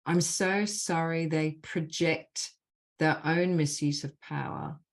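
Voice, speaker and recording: A woman leading a spiritual group call over video, slowly and deliberately speaking repeated healing phrases. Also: low voice, steady tone, vocal fry. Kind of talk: guided clearing session with spoken healing phrases.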